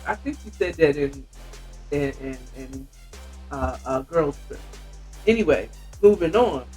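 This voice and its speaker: A podcast host casually recaps a book's plot, wandering off into frequent chatty asides. Her voice sits low with lively intonation, a bit slow and mellow, and faint music plays behind her.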